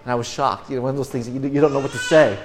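A middle-aged man preaching a sermon to a congregation, earnest, often repeating and restarting words, rising now and then to loud, emphatic bursts. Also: medium pitch, fairly even intonation, racing, long reverb tail, noisy background. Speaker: pastor.

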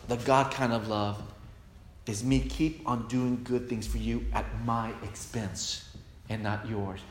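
A male pastor preaching a sermon with emphatic, repeated refrains, recorded in a church hall. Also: medium pitch. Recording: echoey hall with long reverb, faint noise.

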